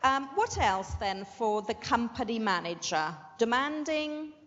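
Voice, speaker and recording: A woman teaching an English vocabulary and pronunciation lesson, slowly stressing syllables and checking in with "okay?". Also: medium pitch, animated, a bit bright. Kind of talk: classroom language lesson. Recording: muffled with long hall reverb.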